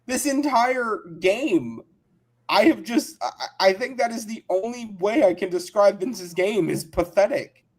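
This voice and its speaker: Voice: medium pitch, animated, a little slow. A podcast co-host in casual chat, emphatic and repeating key words for stress.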